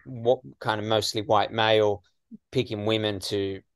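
An Australian man from western Sydney, a comedian guest in a casual interview, chatty and full of "you know"s and lively asides. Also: lowish voice, a little slow, smooth, no room sound, clean studio sound.

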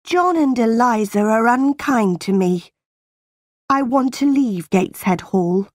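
A woman's voice: a little high, expressive, measured pace, dry recording, studio quality. A woman voicing a defiant ten-year-old orphan girl. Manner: defiant, earnest.

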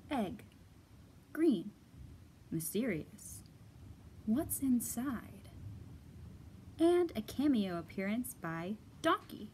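A woman children's librarian reading a picture book aloud at storytime, with an expressive, sing-song storyteller delivery. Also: mid-range voice, drawn-out words, long pauses, slight background noise.

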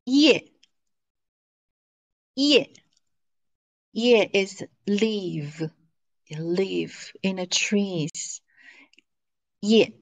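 A woman teaches at a very slow, drawn-out pace. She says each word again and again for her students. Her pitch sits in a middle range. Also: darkish tone, rough recording. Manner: drawn-out, repeating words for students. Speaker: language teacher. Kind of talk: slow, patient classroom teaching.

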